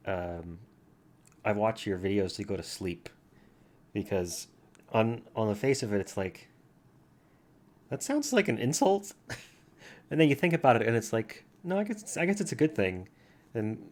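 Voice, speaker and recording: A man vlogging casually at home with a soothing, easygoing voice, chatting while playing a word game and talking to his cat. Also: on the low side. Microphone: computer mic from farther back than usual.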